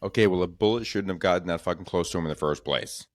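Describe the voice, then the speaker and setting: Deep-voiced man hosting a podcast. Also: quick pace, dry recording, clean studio sound. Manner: crude, rambling, does mocking voices. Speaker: podcast host. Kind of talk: casual comedy podcast chat.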